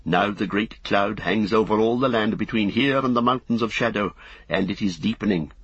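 A man reading a grim messenger rider who reports in urgent tones, with a husky voice. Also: lowish voice, normal speed, a bit bright, no echo, dull audio.

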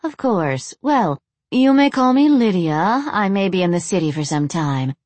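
A blunt undead woman, played by a woman reading a story, mocks everyone around her with dry disdain. The voice sits low and is recorded close in a dead room. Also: lively intonation, unhurried, a little mellow, dry recording. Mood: sardonic. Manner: mocking, blunt.

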